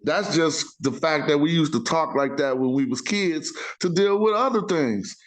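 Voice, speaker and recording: A man's voice: fairly high pitch, moderate pace. A man hosting a casual talk show, rambling in loose street slang with frequent self-interruptions. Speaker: podcast host. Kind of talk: casual chat.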